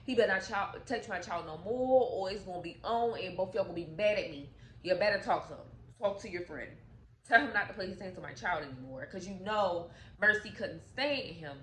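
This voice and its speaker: Animated woman retelling a movie. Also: medium pitch, roomy sound, slight background noise, rough recording. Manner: animated, profane, addresses viewers as y'all. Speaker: YouTube storyteller. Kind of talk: casual movie recap.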